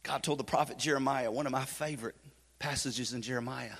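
A male pastor preaching a sermon in a church, swinging from loud urgency to hushed intensity, with folksy joking asides. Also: mid-range voice, fairly even intonation, brisk. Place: church sanctuary. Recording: long hall reverb.

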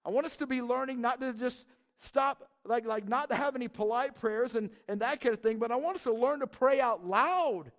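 Pastor, male, very high voice, emphatic casual preaching style. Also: moderate pace. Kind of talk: sermon.

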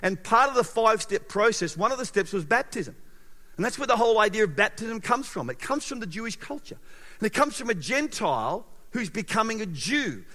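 A male pastor preaching a sermon in an animated way, with sudden loud emphasis and quiet, close passages. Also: high voice, fairly quick. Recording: long hall reverb.

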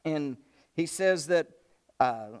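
A man's voice: fairly high pitch, lively intonation, slow, clear, resonant tone. A man preaching a sermon, retelling a Bible story in a casual, colloquial way and acting out the characters' lines.

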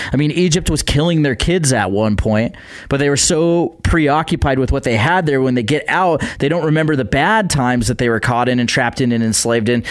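A man's voice: mid-range voice, no echo, clean studio sound. A man reading a Bible passage aloud, then commenting on it in an earnest, conversational preaching style, as a radio devotional speaker. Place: radio studio.

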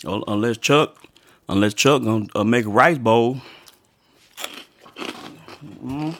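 A man's voice: mid-range voice, a bit bright, slight background noise. A man hosting a podcast in a casual, rambling way, talking while chewing, just home from work and hungry. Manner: slow, rambling, talks while chewing and eating. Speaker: podcast host. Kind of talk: casual chat.

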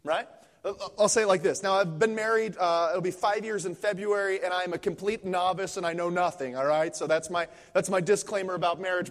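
A young man from Pennsylvania preaching a sermon in a church, telling stories in a lively, joking way with frequent restarts. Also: sits high. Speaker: guest preacher. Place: church sanctuary. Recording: long reverb of a church hall.

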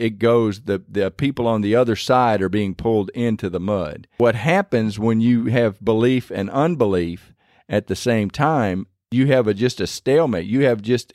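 A man delivering a sermon in a plain, mid-pitched voice, speaking earnestly and conversationally as he retells scripture. The sound is dry, with almost no room echo. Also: darkish tone. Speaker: preacher.

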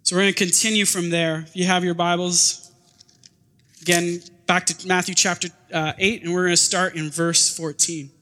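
A man's voice: high voice, normal speed. A man preaching a sermon in a casual, conversational way, often acting out what people say. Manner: conversational, animated preaching with acted-out quotes. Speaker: pastor. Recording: long hall reverb.

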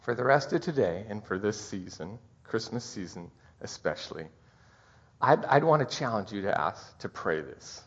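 A middle-aged man preaching a Christmas sermon as pastor, heartfelt and halting, his voice catching with emotion. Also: lowish voice, expressive, a bit bright, husky. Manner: heartfelt, halting, tearful at times. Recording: dull muffled recording.

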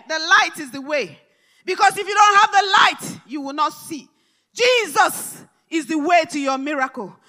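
A woman preacher delivering a live church sermon, fervent and repetitive, rising to shouted declarations. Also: extremely high pitch, expressive, normal speed. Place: large church hall service.

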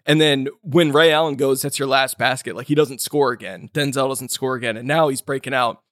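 A man co-hosting a film podcast, retelling a scene with lively energy. He slips into the voices of the characters as he goes. His pitch is of middle height, and the recording is dry and close. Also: a little fast, no room sound. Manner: animated storyteller who acts out quoted lines. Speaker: podcast co-host. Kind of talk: casual film discussion.

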